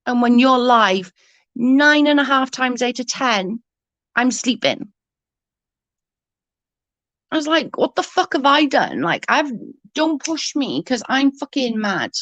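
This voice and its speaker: A woman's voice: sits high, sing-song, takes it slowly, long pauses, fairly bright tone, no echo, muffled recording. A young adult woman ranting heatedly in casual chat, swearing often and restarting her sentences. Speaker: livestream guest.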